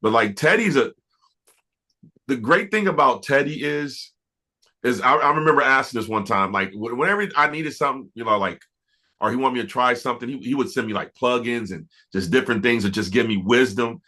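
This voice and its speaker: A man, a music producer, telling stories in a relaxed interview, often restarting and filling with "you know". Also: mid-range voice, a little fast. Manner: relaxed, reflective, many fillers and restarts. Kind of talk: casual interview storytelling.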